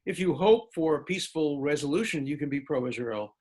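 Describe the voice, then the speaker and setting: A man who is a law professor, answering student questions in a lecture-style talk. He speaks emphatically, piles up lists of words, and turns sarcastic to make a point. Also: fairly quick. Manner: animated speaker with big pitch jumps for emphasis.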